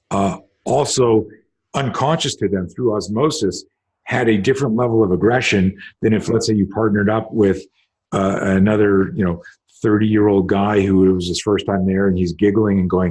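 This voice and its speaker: A man's voice: on the low side, moderate pace, darkish tone, slightly rough. A man hosting a conversation as a self-defense instructor, explaining in a rambling way with many restarts. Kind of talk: casual conversation.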